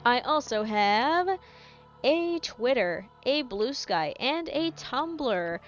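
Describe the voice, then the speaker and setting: A woman's voice: a little high, expressive, slow, muffled recording. A woman game streamer chatting casually and rambling with self-deprecating humor, using a put-on English accent that keeps drifting into Southern. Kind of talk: casual live-stream chat. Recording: music playing under the voice. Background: game music.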